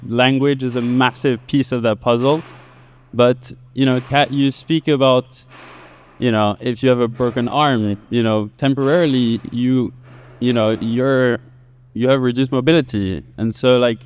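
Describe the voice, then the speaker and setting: A man's voice: medium pitch, steady tone, a little slow, slight background noise. A man on a panel talking in a rambling way, full of fillers. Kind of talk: panel talk.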